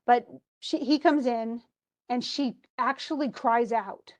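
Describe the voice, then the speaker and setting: Speaking slowly in a fairly high-pitched voice, a woman literature teacher walks her students through a scene from a play. She reads out the characters' lines, interrupting herself with asides and restarts along the way.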